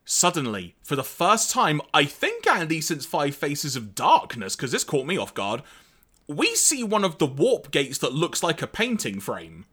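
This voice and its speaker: Male podcast co-host, wry recapper, bright tone, lively intonation. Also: a little high, unhurried, husky. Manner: animated, wry, summarizes plot with quoted lines. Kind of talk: casual recap chat.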